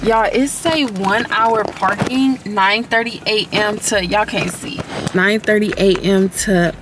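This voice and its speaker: A woman's voice: medium pitch, fairly even intonation, unhurried, background noise. A young woman vlogging to her viewers while driving around and walking city streets, chatty and full of slang, calling her audience y'all. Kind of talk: casual vlog chat to camera.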